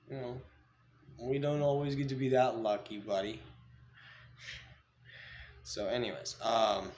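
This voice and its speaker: A man breeding pythons, talking casually with many fillers and restarts, cooing softly to his snakes in between. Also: fairly low pitch, roomy sound, a little hiss or hum. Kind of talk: casual vlog.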